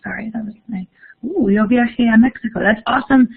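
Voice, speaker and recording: Upbeat young woman, higher voice, teaching a live online class over a thin phone-like line. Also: fairly quick, creaky, husky. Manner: upbeat, encouraging, reads chat aloud. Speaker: Spanish teacher. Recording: phone-like narrow audio.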